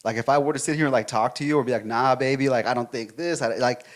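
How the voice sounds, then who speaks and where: A man on a casual podcast, debating his partner. He explains his reasoning in a measured way, building his point step by step. His voice has an ordinary pitch for a man. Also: fairly even intonation. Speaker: podcast co-host.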